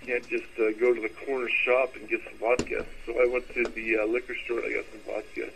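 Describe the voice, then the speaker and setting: A man's voice: medium pitch, level tone, fast talker, vocal fry, fairly bright tone, rough recording. Drunk man rambling in a phone message. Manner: rambling, loses his train of thought. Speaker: caller leaving a voice message.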